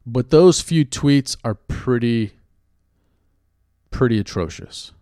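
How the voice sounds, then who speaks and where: A man hosting a podcast, talking through his thoughts in a reflective, measured way and often rephrasing himself. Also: mid-range voice, expressive, warm tone, no room sound, studio quality. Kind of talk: casual spoken commentary.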